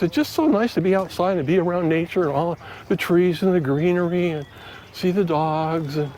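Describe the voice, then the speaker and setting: A man's voice: high voice, darkish tone. A middle-aged man vlogging outdoors in a park, telling stories in a rambling, earnest way with many fillers and restarts. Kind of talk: casual storytelling to camera. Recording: outdoor ambience with faint background noise.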